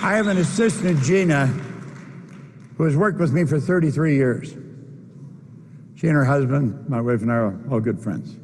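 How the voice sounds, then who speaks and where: A man's voice: fairly high pitch, normal speed, long pauses, a little mellow, slight background noise. An older man giving a motivational keynote at a convention, speaking emphatically and repeating his key phrases. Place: convention hall stage. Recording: long reverb of a large hall.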